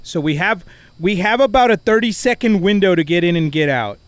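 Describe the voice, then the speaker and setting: A man playing a VR ghost-hunting game with a friend, chatting casually and yelling when he gets scared. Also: high-pitched, animated, a little fast, dry recording. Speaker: VR game streamer. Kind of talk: casual gameplay chat.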